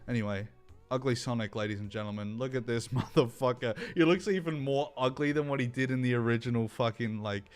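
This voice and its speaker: A man's voice: mid-range voice, a little fast, clear, resonant tone, soft background music. A young man hosting a livestream, ranting in a crude, sarcastic commentary style. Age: young adult. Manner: crude, sarcastic, mocking asides. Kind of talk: profane casual commentary rant.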